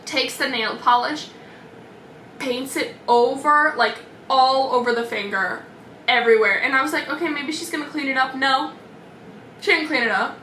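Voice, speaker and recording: A woman's voice: sits high, normal speed, pushed and bright, a little hiss or hum. A young woman telling a storytime vlog in a chatty, dramatic way, full of "like" fillers. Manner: chatty, dramatic, many "like" fillers, mimics voices. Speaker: vlogger. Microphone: camera mic. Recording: echoey room, slightly far from mic.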